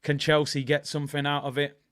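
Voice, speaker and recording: Excitable English football host. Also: male voice, fairly high pitch, a little fast. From England. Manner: chatty, excitable, rambling with many fillers. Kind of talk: casual live-stream chat.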